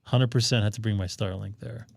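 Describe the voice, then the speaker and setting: A man's voice: lowish voice, fairly even intonation, brisk, creaky, darkish tone, no room sound. Man, ham radio stream host, jokey and rambling, dry close sound. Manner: joking, rambling, thinks aloud while browsing. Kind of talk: casual live-stream chat.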